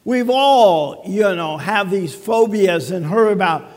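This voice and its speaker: High, lively-voiced pastor preaching slowly. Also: male voice, in a large hall. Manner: conversational preaching with rhetorical questions. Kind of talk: sermon. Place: church sanctuary.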